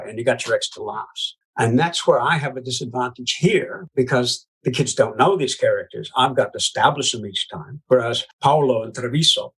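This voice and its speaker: A man's voice: mid-range voice, fairly bright tone, slightly rough, rough recording. A man from the United States, a puppeteer guest, chatting in an interview and telling stories with lots of asides and laughter. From United States (Iowa). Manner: chatty, laughs often, many "you know" asides. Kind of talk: casual storytelling interview.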